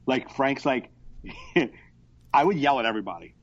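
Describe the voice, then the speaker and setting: A man chatting on a podcast over a video call, telling stories in an animated, profane way. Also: medium pitch, moderate pace. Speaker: podcast co-host. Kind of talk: casual podcast chat. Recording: dull lo-fi internet call.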